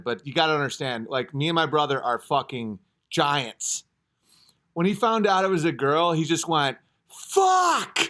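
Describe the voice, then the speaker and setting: Livestream host, thirties male, chatty and joking, very animated pitch. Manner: rambling, joking, swings to loud acted outbursts. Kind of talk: casual livestream chat reading live comments.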